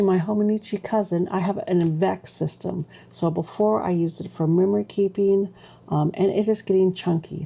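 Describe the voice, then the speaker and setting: A woman's voice: low-pitched, vocal fry, dark tone. A woman vlogger chatting casually through a stationery unboxing, gushing and exclaiming as she goes.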